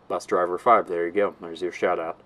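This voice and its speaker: A man's voice: low voice, fairly even intonation, normal speed, fairly bright tone, slight background noise. A man giving casual gameplay commentary, rambling and giggling as he mocks himself. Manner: rambling, giggly, self-mocking.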